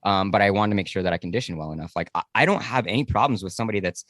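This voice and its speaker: A man hosting a podcast, talking in a relaxed, conversational way, often murmuring agreement and now and then swearing casually. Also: fairly low pitch, rapid-fire, no echo, clean studio sound. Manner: relaxed, conversational, occasional swearing, frequent "mm-hmm" backchannel. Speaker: podcast host.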